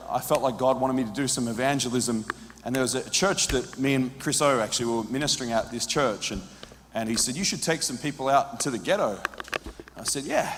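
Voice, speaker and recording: An Australian man telling a lively story in a sermon, acting out what people said to him. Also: medium pitch, a little hiss or hum. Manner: animated storyteller, acts out quoted dialogue. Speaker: preacher. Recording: long hall reverb.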